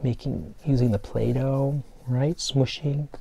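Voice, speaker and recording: A man teaching preschool children remotely, explaining step by step in a gentle, playful way. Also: medium pitch, takes it slowly, creaky, breathy edge. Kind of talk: remote lesson for young children.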